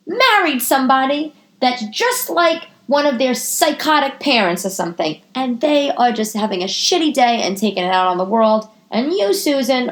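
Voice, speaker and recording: A woman hosting a casual solo podcast from her living room, talking in an animated, profane way, with her pitch swinging up into high exclamations. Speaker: podcast host.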